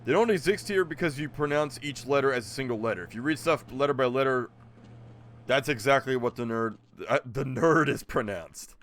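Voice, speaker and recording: A man's voice: medium pitch, fairly quick, a bit bright. A man streaming a video game, rambling and joking with his chat as he plays. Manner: rambling, jokey, talks to chat. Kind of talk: casual gameplay commentary.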